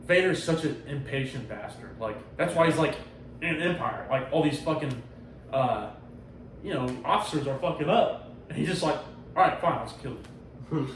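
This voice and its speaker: A man's voice: fairly high pitch, animated, moderate pace. A man hosting a casual podcast, animatedly retelling a comic book story with lots of swearing and acted-out quotes. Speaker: podcast host. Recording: roomy sound from a distant mic with faint noise.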